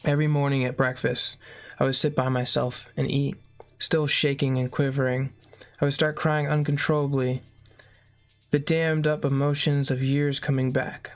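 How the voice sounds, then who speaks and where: Flat-voiced reader of a memoir. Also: mid-range voice, normal speed, faint music behind. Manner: plain reading with brief spoken asides. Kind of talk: reading a memoir aloud.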